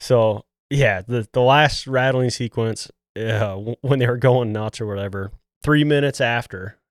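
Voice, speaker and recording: Podcast host, male, middle pitch, energetic hunting yarn, bone-dry studio mic. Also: measured pace, no room sound. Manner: animated, acts out quotes, says "dude" often. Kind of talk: casual hunting storytelling.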